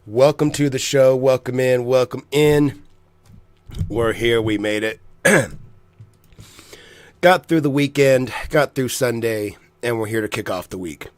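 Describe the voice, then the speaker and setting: A man hosting a casual livestream from his home, cursing freely and apologizing to his viewers. His voice sits at an ordinary middle pitch. The sound is dry, with no room echo. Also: unhurried, long pauses. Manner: frustrated, swearing heavily, apologetic. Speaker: livestream host.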